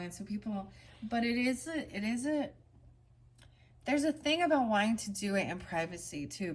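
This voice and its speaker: A woman reading oracle cards in a casual spiritual vlog, switching between slow, gentle card readings and rambling chatty asides. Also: mid-range voice. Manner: reads card meanings in a soft, slow cadence.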